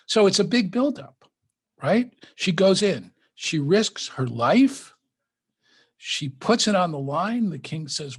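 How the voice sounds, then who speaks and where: A man's voice: sits high, very animated, a little slow, slightly rough. An older man, a rabbi, teaching a scripture lesson over a video call, reading passages aloud and then explaining them conversationally. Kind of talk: scripture study lecture.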